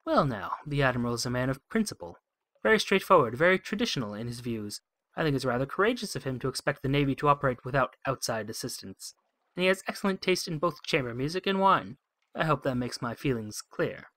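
A man voicing a sly, smooth-talking diplomat who speaks in a genteel, knowing and arch manner. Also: medium pitch, very animated, fast talker, fairly bright tone, no echo.

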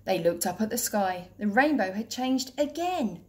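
A woman teacher reading a children's picture book aloud in a clear, steady, gentle voice. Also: medium pitch, normal speed.

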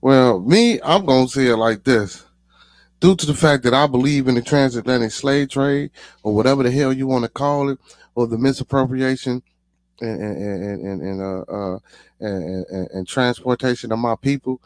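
A man's voice: medium pitch, normal speed, no room sound. A man hosting a podcast, talking earnestly and emphatically, repeating words as he builds his point. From Chicago. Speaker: podcast host. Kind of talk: casual podcast talk.

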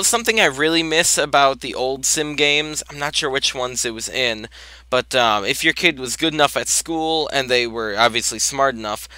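A young man with a bright, forceful voice talks his way through a life-sim game, telling his characters what to do next. His commentary is loose and chatty, and he breaks now and then into exasperated outbursts. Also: mid-range voice, no room sound. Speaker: gameplay commentator. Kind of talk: casual let's-play commentary.

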